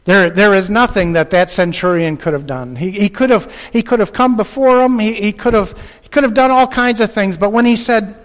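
A man preaching a sermon with passion, repeating phrases and swinging between loud bursts and hushed lines. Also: high voice, normal speed, in a large hall. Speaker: pastor.

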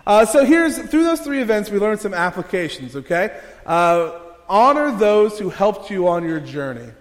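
Chatty pastor preaching in a reverberant hall. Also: male voice, high-pitched, sing-song, normal speed. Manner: casual, joking, interactive with congregation. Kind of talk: sermon.

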